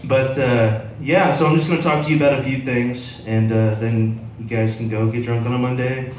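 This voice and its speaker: Rambling young stand-up in a roomy bar. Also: male voice, mid-range voice, steady tone, moderate pace, darkish tone, dull audio, slight background noise. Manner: rambling storytelling with many fillers. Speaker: stand-up comedian. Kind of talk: open-mic stand-up set. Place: bar open mic night. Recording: roomy bar sound from a distance.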